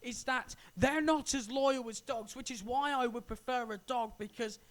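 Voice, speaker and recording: Emphatic podcast co-host. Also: male voice, extremely high pitch, normal speed, a bit bright. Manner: emphatic, lecturing explanations. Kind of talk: casual chat.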